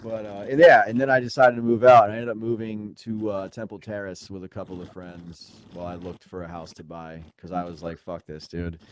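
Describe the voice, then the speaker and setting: A man guesting on a podcast, telling a story in casual, profane slang and getting animated when he retells exchanges. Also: sits low. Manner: profane, slangy, says dude and bro a lot.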